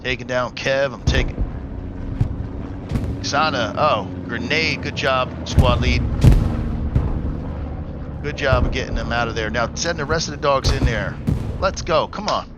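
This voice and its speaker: A man's voice: mid-range voice, a little slow, long pauses, muffled recording, heavy background noise. A man casting a live online war game, coaching the teams and bursting into hype calls. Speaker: esports caster. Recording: loud gunfire and artillery from the game behind. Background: game gunfire and explosions.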